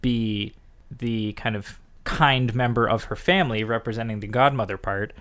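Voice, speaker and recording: A man hosting a podcast in casual chat, sarcastic and animated as he tells stories. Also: mid-range voice, normal speed. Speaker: podcast host.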